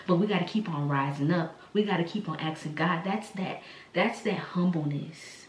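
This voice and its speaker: A woman's voice: fairly low pitch, normal speed, distant mic. A woman hosting a faith podcast, preaching in a rambling, conversational way with many fillers and restarts. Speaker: podcast host. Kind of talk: casual spoken sermon. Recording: echoey room, voice from the mic, faint ambience.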